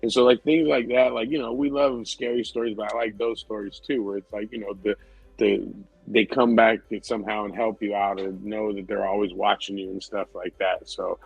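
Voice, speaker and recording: A man's voice: on the low side, little pitch movement, a little fast, creaky, husky, no echo, muffled recording, soft background music. A man co-hosting a podcast, telling a story in casual, rambling chat, swearing freely and laughing often. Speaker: podcast co-host.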